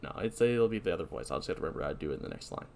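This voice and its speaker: A male podcast host narrates a movie recap with lively, animated delivery. He throws in self-deprecating asides as he goes. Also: low voice, very fast, gravelly.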